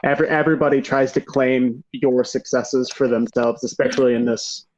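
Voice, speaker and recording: A man from Michigan hosting a podcast, telling stories in a relaxed, laughing way. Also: medium pitch, normal speed. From Grand Rapids, Michigan. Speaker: podcast host. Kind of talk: casual chat. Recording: slightly dull lo-fi sound.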